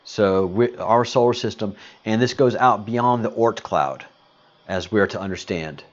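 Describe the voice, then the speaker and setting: A man's voice: fairly low pitch, a little slow, highs cut off. A man hosting a casual livestream, greeting viewers and answering chat comments in a rambling, hesitant way with lots of fillers. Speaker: livestream host.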